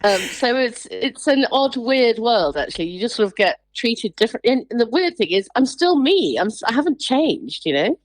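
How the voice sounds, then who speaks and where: A woman's voice: a little high, moderate pace, hardly any pauses, no echo, rough recording. A woman, a writer being interviewed on radio, telling personal stories with energy, often laughing and acting out other people's voices. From England. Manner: lively storyteller, acts out quoted voices, laughs often.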